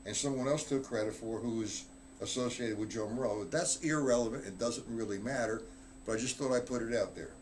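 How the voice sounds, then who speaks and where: A man's voice: medium pitch, fairly quick, background noise. A man giving a live drum lesson, talking bluntly and offhand while he counts out stickings aloud. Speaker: drum teacher.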